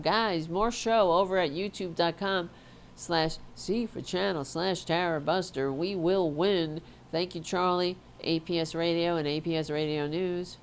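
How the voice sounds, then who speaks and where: A woman political talk host with a low voice and a stuffed-up nose. She rants bluntly and indignantly, swears freely and restarts her sentences. Faint background noise sits under her voice. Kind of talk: opinionated political commentary.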